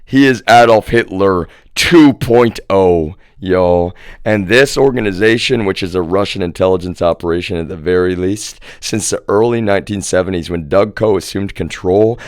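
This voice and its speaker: Guy ranting on his stream, cussing a lot, keeps saying y'all, clean smooth voice. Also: sits low, no room sound, studio quality. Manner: profane, repetitive, emphatic; keeps addressing listeners as "y'all". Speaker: livestreamer. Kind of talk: ranting livestream monologue.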